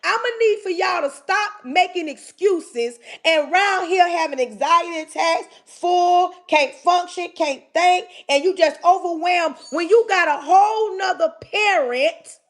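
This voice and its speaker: A woman's voice: very high-pitched, takes it slowly. A woman hosting a livestream, giving an emphatic, preachy motivational talk and calling out straight to her listeners. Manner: emphatic, repetitive, calls out to listeners directly. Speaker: livestream host.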